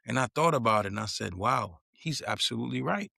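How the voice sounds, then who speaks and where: A man's voice: mid-range voice, expressive, a little fast, vocal fry, bright, forceful tone, breathy edge, no echo, studio quality. A young man hosts a podcast and tells a story in casual chat. He acts out the people he quotes with a raised voice and drops a lot of "yo" and "you know what I mean.". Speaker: podcast host.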